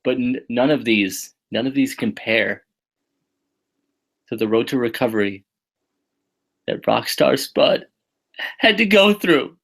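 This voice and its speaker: Gravelly deadpan sarcastic man. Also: mid-range voice, takes it slowly, long pauses. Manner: deadpan mock-serious, sarcastic. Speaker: podcast co-host. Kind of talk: casual wrestling review chat.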